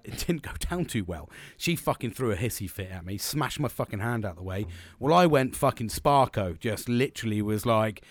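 A man's voice: lowish voice, no room sound. A man in his forties telling a candid personal story, blunt and sweary, rambling with restarts.

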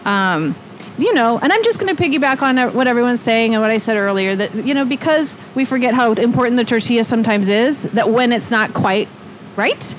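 A woman's voice: fairly high pitch, expressive, a little fast, slight background noise. A woman guest chatting casually and correcting herself as she goes, on a moving streetcar. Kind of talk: casual chat. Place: riding a city streetcar.

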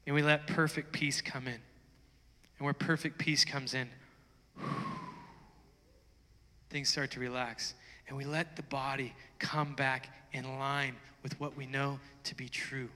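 A man preaching a sermon, chatty and plainspoken, then swelling into loud, fervent stretches. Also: medium pitch, flat delivery, a little slow, long pauses. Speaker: pastor. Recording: long reverb of a large hall.

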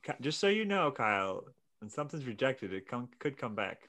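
A man's voice: mid-range voice, very animated, a little fast, a bit bright, slight background noise. A man co-hosting a casual podcast, telling a story in a laid-back, hesitant way with many fillers. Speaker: podcast co-host. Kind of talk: casual chat.

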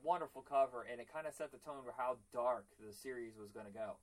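A man's voice: medium pitch, fast talker. A man hosting a casual podcast about comics, chatty and rambling, laughing easily. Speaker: podcast host.

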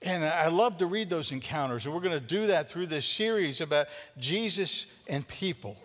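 Man, pastor, conversational sermon, high pitch, long hall reverb. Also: expressive, normal speed. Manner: conversational, repeats words, swings from loud to soft.

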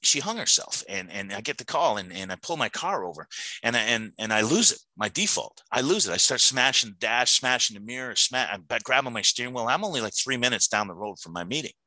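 A middle-aged man tells his sobriety story at a recovery meeting, earnest and halting, with many restarts. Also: medium pitch, animated, sharp tone, no room sound, rough recording. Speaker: AA speaker sharing his story.

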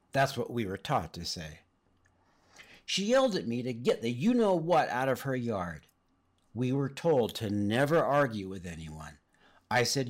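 Expressive middle-aged man preaching. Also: mid-range voice. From Southern California. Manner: earnest, expressive storytelling. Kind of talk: sermon with personal storytelling.

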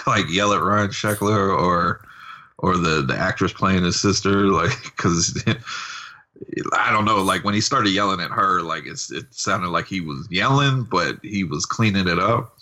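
A man co-hosts a podcast and chats about a movie in an easygoing way. His voice is very deep but bright and clear-edged. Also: measured pace. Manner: laid-back, chuckling commentary. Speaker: podcast co-host. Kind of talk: casual chat.

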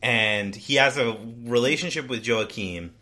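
A man's voice: medium pitch, a little slow, sharp tone. A man co-hosting a casual book discussion podcast, summarizing the plot in a rambling way with frequent restarts. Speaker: podcast co-host.

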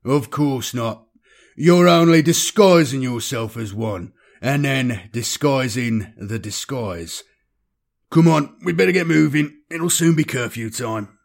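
A man's voice: a little high, lively intonation, moderate pace, vocal fry, voice pushed up. A man voicing a seasoned, cynical male space traveller who talks in an amused drawl, in a science-fiction audiobook. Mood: wry.

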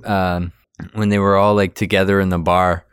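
A man's voice: low-pitched, level tone, normal speed, smooth. A man in casual chat, laid-back and throwing in dry jokey asides.

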